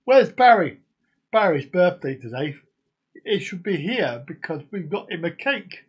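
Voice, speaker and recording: A man's voice: sits high, big pitch swings, a little slow, husky, dull audio. Jokey rambling man hosting a live stream. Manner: jokey, rambling, sings and laughs along. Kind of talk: casual live stream chat.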